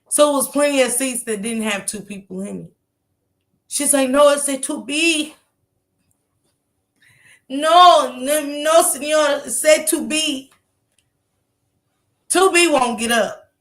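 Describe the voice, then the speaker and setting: A woman's voice: a little high, bright, forceful tone. A woman telling a story to her live chat in a casual way, laughing often and acting out what other people said.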